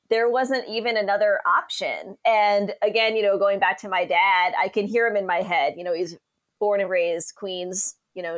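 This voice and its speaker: Woman meteorologist telling stories on a podcast, animated, does little voices when she quotes people. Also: medium pitch. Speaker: meteorologist guest. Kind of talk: casual storytelling interview.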